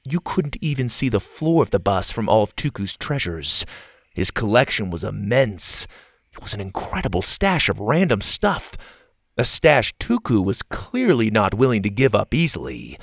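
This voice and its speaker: A man reads a children's adventure story aloud with lively, expressive delivery. His voice moves widely in pitch and carries a gravelly grain. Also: no echo. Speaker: narrator. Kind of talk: storybook narration.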